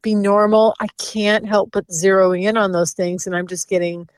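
A woman co-hosting a podcast in a candid casual chat, frank and giggly, with drawn-out exclamations. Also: medium pitch, little pitch movement, clean tone, no room sound. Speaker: podcast co-host.

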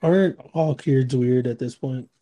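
Mellow, rambling male podcast co-host. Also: medium pitch, a little slow. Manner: rambling, stumbles over words, swears. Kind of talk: casual chat.

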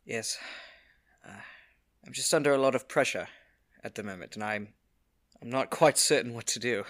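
A man playing his character in a tabletop game, rambling in an unhurried way and laughing at his own lines. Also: mid-range voice. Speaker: player. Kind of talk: tabletop role-play.

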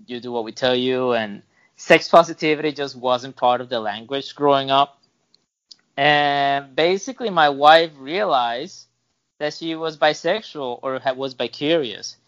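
A man's voice: medium pitch, a little slow, a bit bright, smooth, lo-fi sound. A man guest on a podcast, telling his story in a loose, rambling way with many restarts and fillers. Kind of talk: casual storytelling interview.

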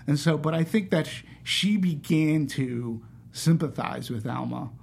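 A man's voice: on the high side, unhurried, vocal fry, husky. A man talking casually about a film, who acts out the characters' lines with restarts and fillers. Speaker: film discussion panelist.

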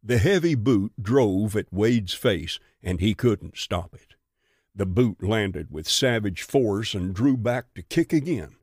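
A man reads a western audiobook in a slow, measured way. His voice sits a little low and is recorded dry and close, with no room sound. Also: animated, darkish tone, no echo. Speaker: narrator.

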